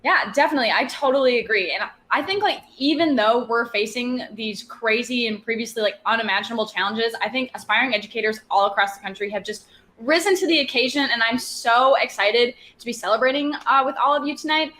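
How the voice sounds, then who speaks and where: A young woman from Wisconsin, a student co-hosting an awards ceremony over a video call, chatty and excited. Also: on the high side, fairly quick, a little hiss or hum. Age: young adult. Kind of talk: casual hosting chat.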